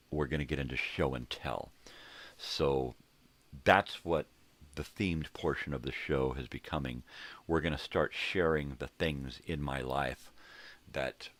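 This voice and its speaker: A man's voice: rumbling low, a bit bright. An older man hosting a rambling, laid-back morning monologue, talking in a casual, profane way from a home room crammed with tapes and records. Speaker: host.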